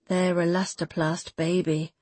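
A woman reading a novel aloud in measured, intimate scripted narration. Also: fairly low pitch, level tone, darkish tone, no room sound. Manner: measured, intimate, close third-person storytelling. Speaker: audiobook narrator.

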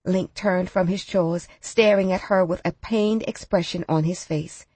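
A woman narrating an audiobook in a measured storytelling manner. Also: fairly low pitch, steady tone, darkish tone, breathy edge, dry recording.

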